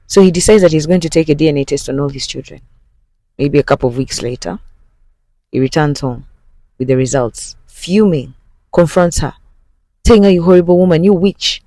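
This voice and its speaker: A man hosting a movie recap, retelling the plot in a casual, animated way and speaking straight to viewers. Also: fairly high pitch, normal speed, long pauses, dry recording.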